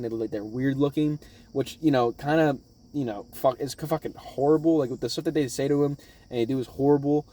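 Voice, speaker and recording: A man at home giving a casual, rambling recap of a show in an excitable, profane way. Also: a little high. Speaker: anime reaction vlogger.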